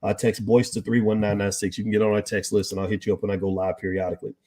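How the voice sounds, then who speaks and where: A man's voice: fairly low pitch, little pitch movement, rapid-fire, warm tone. A man hosting a live stream, talking emphatically to his chat audience and firing off rhetorical questions.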